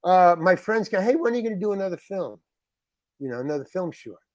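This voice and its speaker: A man being interviewed on a podcast, telling an anecdote with lively restarts and acted-out quotes of other people. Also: sits high, quick pace, no room sound, clean studio sound. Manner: animated, acts out other people's lines in quotes, frequent restarts. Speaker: interview guest, actor. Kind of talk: anecdotal storytelling in a podcast chat.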